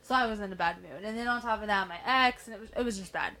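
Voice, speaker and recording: A woman's voice: medium pitch, fast talker, sharp tone. A woman co-hosting a podcast, telling a story in casual chat, laughing often and swearing freely. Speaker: podcast co-host.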